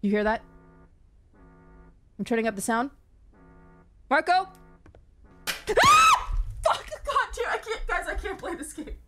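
A woman's voice: high voice, very animated, moderate pace, pauses often, raised voice, loud music behind the voice. A woman streamer giving live gaming commentary, jumpy, yelping and repeating herself when scared.

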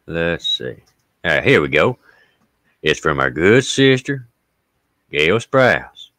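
Taking things slowly, this Appalachian-accented livestream host speaks in a low-sitting, very animated voice with no echo. He reads out viewer comments and stories folksily, welcoming people warmly by name.

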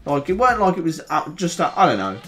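A young man with a Birmingham accent giving excitable, chatty play-by-play commentary on a football video game, groaning and shouting at near misses. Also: fairly high pitch, fast, faint music behind. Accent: Birmingham English. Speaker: gaming YouTuber.

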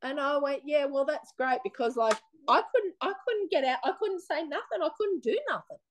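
Blunt Australian woman, high-pitched. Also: moderate pace, a little hiss or hum. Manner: blunt, animated, plain-spoken. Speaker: interviewee. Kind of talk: casual personal storytelling.

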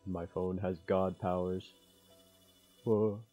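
A man's voice: low voice, little pitch movement, takes it slowly, warm tone, faint music behind. A young man giving goofy, rambling let's-play commentary, joking about the game. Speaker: gamer.

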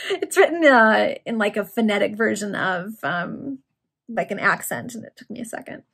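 A woman reading a Victorian serial story aloud with steady narration and casual asides. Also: medium pitch, moderate pace, vocal fry, slightly rough. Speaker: reader.

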